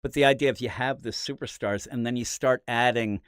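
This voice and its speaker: A man's voice: medium pitch, fairly even intonation, brisk, smooth, no echo, studio quality. A man hosting a casual comic book review podcast, telling stories in a fired-up way and mocking people with quoted voices. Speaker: podcast host.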